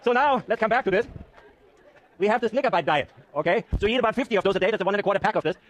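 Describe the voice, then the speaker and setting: A man's voice: sits high, racing. A man giving a university lecture with a live class demo, joking and teasing his students as he works through the numbers. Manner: joking, animated, self-mocking. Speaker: university professor. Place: lecture hall.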